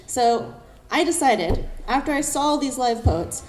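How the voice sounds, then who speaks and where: A young woman poet giving a lively talk to a live audience, acting out what others said and reading her own poem. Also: sits high. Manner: animated, fast-talking, acts out quoted voices. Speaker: poet and speaker.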